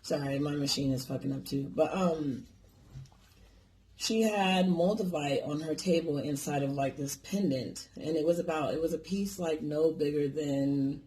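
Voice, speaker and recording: A man's voice: a little high, moderate pace, darkish tone. A man casually telling a personal story on his vlog, rambling and swearing freely. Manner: rambling, profane, lots of fillers.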